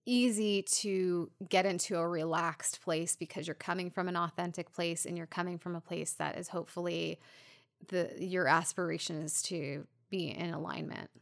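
A woman co-hosting a relaxed podcast, talking as a coach about her work. She laughs easily and thinks aloud, filling her pauses with small hesitations. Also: fairly low pitch, vocal fry. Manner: laughs often, warm, thinks aloud with fillers. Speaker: podcast co-host, therapist or coach. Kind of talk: casual conversational podcast.

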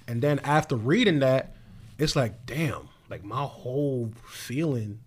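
A man's voice: medium pitch, lively intonation, measured pace, breathy edge. A young man co-hosting a podcast, talking in a laid-back, slangy way with lots of fillers. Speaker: podcast co-host. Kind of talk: casual chat.

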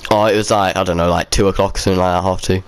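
A man's voice: sits low, flat delivery, rapid-fire, a crowd in the background. A man telling a story casually on a podcast, slangy and rambling, often repeating his words. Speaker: podcast host.

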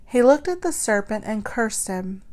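A woman narrating a story in the first person, expressive and acting out the dialogue. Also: on the high side, a little slow.

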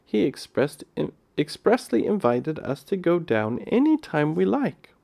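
A proud, bossy boy who sounds offhand and quick to lose patience, as a man reads his part. The voice stays close to the reader's own, gravelly and unhurried. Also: fairly high pitch, very animated, mellow, voice pushed up, heavily acted. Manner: offhand and impatient.

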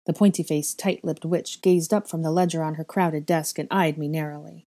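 A woman reading a first-person story aloud in a measured, soft storytelling manner. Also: sits low, steady tone. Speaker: audiobook reader. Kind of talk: first-person fan fiction narration.

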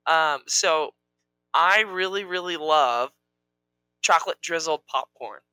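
A young man co-hosting a casual chat, talking in an animated, rambling, playful way. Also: fairly high pitch, slow, smooth, dry recording, rough recording. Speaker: co-host.

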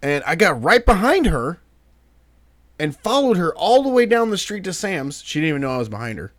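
Lively Southern man telling a story. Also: high voice, a little fast, dry recording. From Southern United States. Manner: animated storyteller who acts out quotes. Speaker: podcast co-host. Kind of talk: casual chat, storytelling.

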